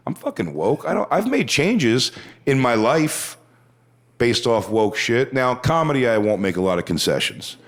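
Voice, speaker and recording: A male stand-up comedian spins a crude story in a loose, conversational way. His voice swings up and down in pitch as he talks, sitting at an ordinary middle register overall. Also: big pitch swings, moderate pace. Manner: crude, conversational, acts out quotes.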